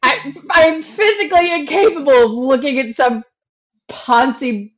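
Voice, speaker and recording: A woman's voice: sits high, a little slow. A woman around forty, co-hosting a podcast and telling stories in casual chat with a lot of laughter. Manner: animated, laughing storyteller. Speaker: podcast co-host. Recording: dull lo-fi audio.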